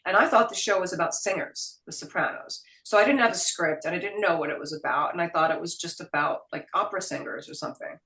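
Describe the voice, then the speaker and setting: A middle-aged woman from Queens with a New York accent, telling stories as an interview guest in an animated, salty way. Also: lowish voice, fast, hardly any pauses, far from the mic. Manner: animated, quotes people in put-on voices, swears casually. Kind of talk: casual storytelling interview. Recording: roomy sound, voice a bit off mic.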